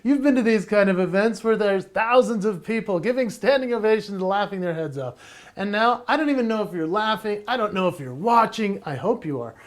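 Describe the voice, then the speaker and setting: A man giving a playful, energetic virtual keynote from his home, laughing often and slightly out of breath. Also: high voice, fairly quick. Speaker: motivational speaker and entertainer.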